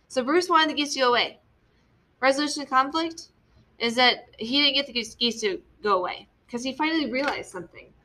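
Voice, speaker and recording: Young female teacher, bright voice, patient step-by-step classroom explainer. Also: sits high. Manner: patient, explains step by step with frequent "okay?" checks. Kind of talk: classroom lesson on story structure.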